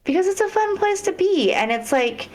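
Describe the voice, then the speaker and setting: A woman's voice: extremely high pitch, very animated, moderate pace, darkish tone, slight background noise. A woman guest on a podcast, talking in a heartfelt, rambling way in casual interview chat.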